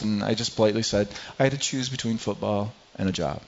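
A man preaching a sermon, telling a personal story in a halting way, often repeating words and growing quiet at painful moments. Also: on the low side, gravelly, a little hiss or hum. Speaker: pastor. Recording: slightly dull lo-fi sound.

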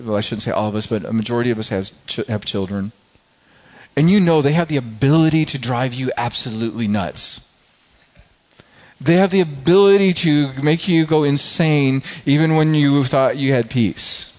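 A man's voice: mid-range voice, a little mellow. Middle-aged pastor guy preaching, earnest, keeps restarting his sentences, kinda muffled recording. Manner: earnest, personal storytelling with many restarts. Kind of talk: sermon. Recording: slightly dull lo-fi recording.

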